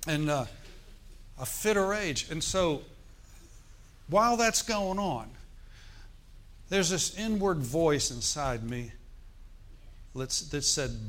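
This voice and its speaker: A middle-aged pastor tells a story during his sermon, speaking in a somewhat high voice at a slow pace with frequent pauses. His delivery is conversational and animated, and he puts questions to the congregation.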